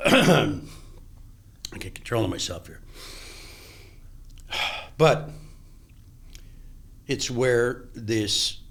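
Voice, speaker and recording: An older actor, a guest on a podcast interview, telling stories from his past with animated delivery, acting out remembered dialogue and often restarting his sentences. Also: lowish voice.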